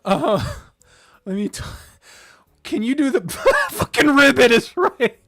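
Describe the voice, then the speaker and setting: Giddy woman streamer, lively pitch. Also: slow pace, dry recording. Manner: giddy, laughing often, swearing, stumbling over counting and math. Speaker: streamer and game master. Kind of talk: casual livestream chat.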